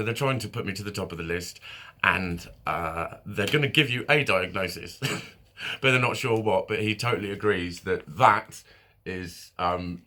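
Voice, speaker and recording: A man's voice: on the low side, bright, forceful tone. Tense-voiced man swearing through a candid video diary. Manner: frank and heavy on swearing, halting with fillers and self-corrections; laughs nervously between thoughts. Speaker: mental health vlogger.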